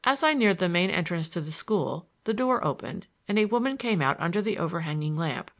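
An audiobook narrator with a lowish voice reads a novel aloud, her scripted delivery measured and expressive.

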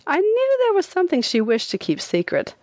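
A woman narrating a travel memoir as an audiobook, with an expressive reading. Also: extremely high pitch, fairly quick, no room sound. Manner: expressive, lively delivery.

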